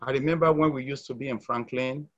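A middle-aged man from Nigeria gives a heartfelt church testimony in a mid-range voice. He hesitates and restarts often, swinging between loud emphasis and quiet asides. The recording sounds dull and lo-fi. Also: medium pitch, steady tone, fast. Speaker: church member giving a testimony. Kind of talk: testimony sharing at a church meeting.

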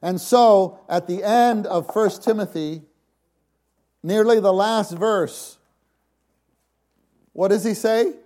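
A man delivering a sermon at a deliberate, unhurried pace. His voice is mellow and dark, though a bit higher than most men's. He swings from quiet, intimate passages to loud, dramatic cries. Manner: slow, emphatic delivery. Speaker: preacher.

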